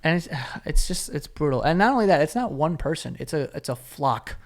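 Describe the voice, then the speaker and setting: A man's voice: fairly high pitch, very animated, brisk. A man co-hosting a podcast, talking earnestly in casual chat and circling back to his points. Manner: earnest, rambling, lots of fillers and restarts. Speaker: podcast co-host.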